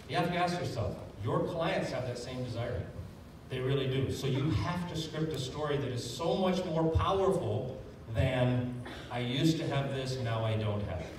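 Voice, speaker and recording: A man giving a sales training talk to an audience, energetic and jokey, recorded from a distance in a large echoey hall. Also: medium pitch. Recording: echoey hall, distant mic, faint room noise.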